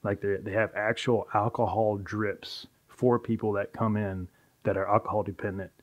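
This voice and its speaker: A man, a pharmacist, chatting as a podcast guest in a measured, explanatory way. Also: on the low side, flat delivery. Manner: explanatory, measured, some restarts. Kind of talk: casual podcast chat. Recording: dull lo-fi podcast audio.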